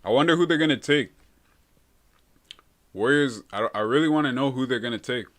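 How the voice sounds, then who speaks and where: Speaking briskly, a young man from Canada runs a laid-back live stream where he responds to viewer comments casually. His voice is a normal mid-range male pitch, and "bro" turns up in almost every thought.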